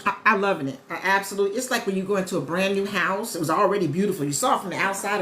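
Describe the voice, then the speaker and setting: A woman chatting casually to viewers on a live stream as a travel agent host, animated and talkative. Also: medium pitch, fast talker. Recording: echoey room with faint ambient noise.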